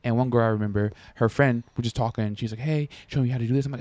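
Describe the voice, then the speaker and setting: A young man co-hosting a casual podcast, telling stories in an animated way, acting out quotes and laughing often. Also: medium pitch, racing, hardly any pauses, no echo. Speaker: podcast co-host. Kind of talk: casual chat.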